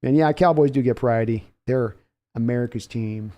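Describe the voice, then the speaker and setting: A man's voice: mid-range voice, normal speed, warm tone. A man hosting a live sports podcast, calling play-by-play in a chatty manner and answering viewer comments. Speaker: podcast host.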